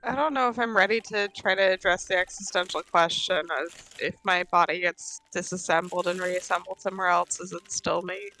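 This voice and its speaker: A woman's voice: fairly low pitch, fairly even intonation, brisk, few pauses, sharp tone, faint music behind, poor audio. A woman joining a friend's game stream, chatting in a dry, exasperated, teasing way. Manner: sardonic, exasperated. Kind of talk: casual livestream chat.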